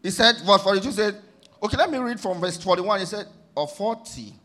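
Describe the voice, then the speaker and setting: A man preaching a sermon, swinging between quiet reflection and fervent shouts. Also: high-pitched, a little fast.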